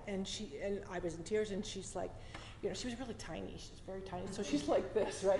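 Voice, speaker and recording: A woman's voice: mid-range voice, fairly quick, warm tone, slight background noise. A woman telling a personal story live on stage, chatty and emotional, with laughing asides and frequent restarts. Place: arts center hall at a story slam. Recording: echoey hall with long reverb.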